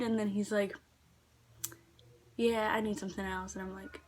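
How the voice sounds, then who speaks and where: A woman's voice: medium pitch, flat delivery, moderate pace, long pauses, darkish tone. A teenage girl casually telling work stories in a vlog, chatty with lots of fillers, sometimes dropping to a whisper. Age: teens. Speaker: vlogger.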